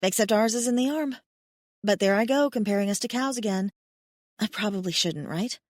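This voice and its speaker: A woman's voice: mid-range voice, moderate pace, dry recording, studio quality, pitched above the performer's own voice, close to an everyday voice. A woman voicing a blunt, wry farm girl. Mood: matter-of-fact. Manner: frank, matter-of-fact, darkly joking. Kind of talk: audiobook character voice.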